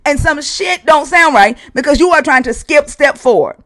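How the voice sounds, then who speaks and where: High-voiced profane man grilling a caller. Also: animated, normal speed, sharp tone, dry recording. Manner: profane, interrogating, repeats questions insistently. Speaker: stream host. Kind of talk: heated debate on a live stream.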